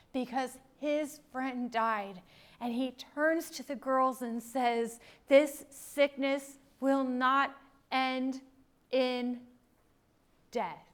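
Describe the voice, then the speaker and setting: Woman preaching, high voice, slow and dramatic, goes loud then hushed. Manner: emphatic, dramatic swings between loud and hushed. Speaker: Bible teacher. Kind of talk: sermon.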